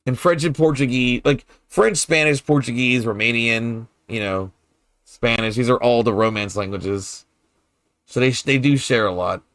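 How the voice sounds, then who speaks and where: A male streamer chats casually with his viewers mid-game, trailing off and repeating himself as he works through how to say things. His tone is curious and playful, at a middling pitch. The sound is close and dry, with no room around it. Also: moderate pace, a bit bright, no echo. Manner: hesitant, repeats words while puzzling over pronunciation. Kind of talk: casual chat with viewers while gaming.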